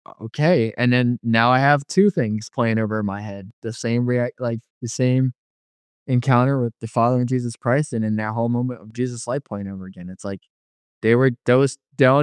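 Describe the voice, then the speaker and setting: A man's voice: medium pitch, darkish tone, no echo. A young man telling a personal faith story in casual, slangy speech, acting out his own past reactions. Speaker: guest sharing his testimony.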